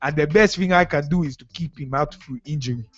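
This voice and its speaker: A solemn, boasting male witch doctor speaks in a high, mock Ghanaian accent, as a man puts him on. He sounds menacing and sure of his spell. The lo-fi call audio dulls the sound. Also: brisk, no echo, faint music behind, close to an everyday voice.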